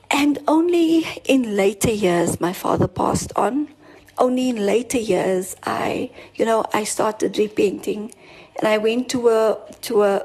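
Over a rough recording, a woman shares her own story within a sermon, earnest and repetitive as she presses her points, restarting and growing more emphatic. Her fairly high voice is a little mellow and husky.

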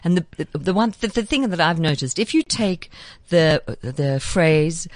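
A South African woman, an actress and accent coach, telling lively stories as a studio guest and acting out the people she quotes. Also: lowish voice, normal speed, no room sound. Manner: lively anecdotal storyteller who acts out quotes.

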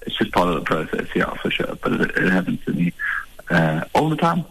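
A man from the Eastern Cape, a stand-up comedian talking in a relaxed, hesitant, self-deprecating way in a radio interview. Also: sits low, a little fast, gravelly, breathy edge, low-quality recording. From Eastern Cape, South Africa. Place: radio studio.

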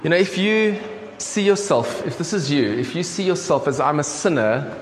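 South African pastor preaching in an echoey hall. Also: male voice, sits high, lively intonation, normal speed. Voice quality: conversational, frequent ums and restarts. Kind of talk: sermon. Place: church hall. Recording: echoey church hall with faint room noise.

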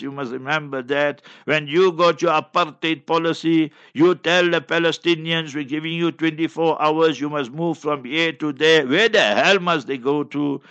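A man's voice: fairly high pitch, sharp tone. A South African man, an Islamic scholar, giving fiery religious commentary in a combative, scornful way with many repeated phrases. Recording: dull lo-fi recording.

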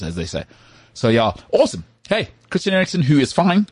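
A man co-hosting a podcast, talking football in an animated, joking way. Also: mid-range voice, breathy edge, no echo. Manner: animated, jokey, does quick impressions of others. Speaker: podcast co-host. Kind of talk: casual sports chat.

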